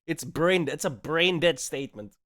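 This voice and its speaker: A man's voice: fairly high pitch, normal speed, a bit bright. A man who is not a native English speaker, streaming casual reaction commentary in a mocking, sarcastic tone, laughing often and dropping slang like bro and man.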